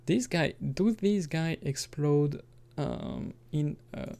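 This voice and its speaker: A gaming commentator with a slightly high, warm male voice speaks at a slow pace. His let's-play narration is casual and rambling, full of self-corrections and amused asides.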